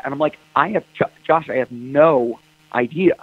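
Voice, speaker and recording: A man's voice: on the high side, brisk, slightly rough, dry recording. A man, a rock singer, telling stories in a casual interview and acting out phone calls in quoted voices. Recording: dry tinny phone line.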